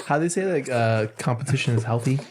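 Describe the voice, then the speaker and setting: A man's voice: mid-range voice, quick pace, darkish tone, slight background noise. A man with a mid-range voice co-hosts a podcast. He rambles and keeps restarting as he hunts for the right words. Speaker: podcast co-host. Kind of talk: casual chat.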